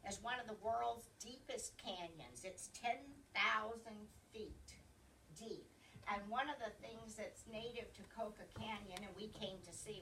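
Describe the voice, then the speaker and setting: Bright, chatty Southern woman. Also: mid-range voice. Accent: Southern American. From American South. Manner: chatty, digressive, often loses her place. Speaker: library trustee giving a travel talk. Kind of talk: informal slide presentation. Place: library meeting room. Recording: distant room recording, faint hiss.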